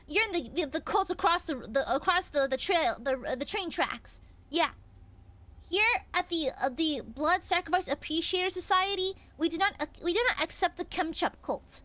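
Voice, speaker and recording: A young woman streamer chats with her audience in a very high voice that swoops up and down. She teases viewers and thanks them for donations, playful and animated. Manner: playful, teasing, reads out donations; animated, quick pitch jumps. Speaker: VTuber streamer. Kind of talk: casual live-stream chat while gaming.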